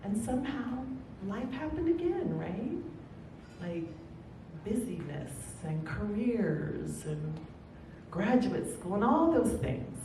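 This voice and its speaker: Animated woman telling a story in an echoey hall. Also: takes it slowly. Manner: animated, emphatic, chatty asides to the audience. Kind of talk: live personal storytelling. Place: storytelling event stage. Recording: echoey hall, far from mic, rumbling noise.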